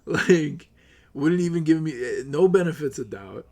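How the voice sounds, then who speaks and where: A man's voice: fairly high pitch, expressive, measured pace. Upset man ranting on a live stream. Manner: profane, agitated, swings between yelling and muttering. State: upset, near tears. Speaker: livestreamer.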